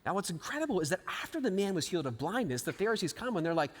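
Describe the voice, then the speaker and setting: A man preaching a live sermon, animated, acting out scripture quotes and swinging between loud and hushed lines. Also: high voice, rapid-fire, hardly any pauses. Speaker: pastor. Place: large church auditorium. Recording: live sermon with long hall reverb.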